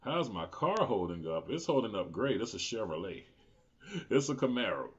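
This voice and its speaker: A man's voice: on the low side, big pitch swings, moderate pace, slightly rough, dull audio. A man in his forties hosting his own political commentary show, talking unscripted, heated and profane, often rising into indignant outbursts. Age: 40s.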